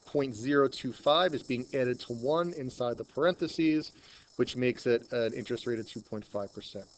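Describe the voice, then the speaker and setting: A man with a Long Island accent teaching a math lesson, chatting and thinking out loud as he works through problems. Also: medium pitch, moderate pace, poor audio. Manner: chatty, thinks aloud while working problems. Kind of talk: screen-recorded math lesson.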